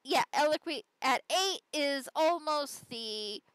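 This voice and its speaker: A woman reads an online story aloud for a podcast, chatting through it and adding her own asides. Her voice sits high and she takes her time with each line. The sound is close and dry, with no room around her. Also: expressive, takes it slowly, a bit bright, dry recording, low-quality recording. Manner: conversational storytelling with side comments. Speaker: podcast host. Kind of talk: reading a Reddit story aloud.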